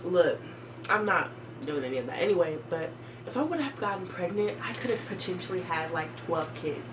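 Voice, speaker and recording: A woman in her twenties telling a story casually and jokingly on a vlog, jumping into squeaky high voices when she quotes people. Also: lively intonation, a little fast, noisy background. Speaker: vlogger. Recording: far from the mic with clear background music.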